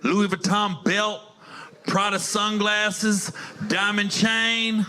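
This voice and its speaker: A man's voice: sits high, level tone, slow pace, pushed and bright. A male stand-up comedian telling stories in a casual, profane, conversational way on a club stage. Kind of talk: stand-up storytelling.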